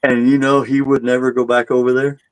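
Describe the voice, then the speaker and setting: Male tour guide, relaxed storyteller who voices the people in his tale; dry, close recording. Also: mid-range voice, a little fast, smooth, no room sound, rough recording. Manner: laid-back, animated when quoting people, chuckles at his own jokes. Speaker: haunted asylum tour guide. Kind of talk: casual storytelling.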